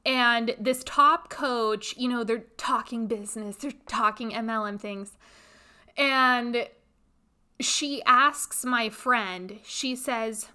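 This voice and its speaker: A woman speaking at an unhurried, deliberate pace, her voice bright and a little high. She tells a story from her own life in a blunt, expressive, animated way, as the host of a casual monologue podcast.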